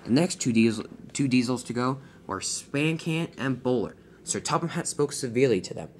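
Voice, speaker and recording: Animated toy-train story narrator, voice going up and down a lot, stumbles some. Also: medium pitch, normal speed, a little hiss or hum. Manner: lively, with slips and restarts.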